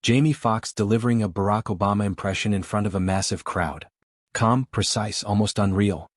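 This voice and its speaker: Dry, measured male voice-over. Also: fairly low pitch, steady tone, dry recording. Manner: measured, dramatic build-up. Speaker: narrator. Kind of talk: scripted voice-over narration.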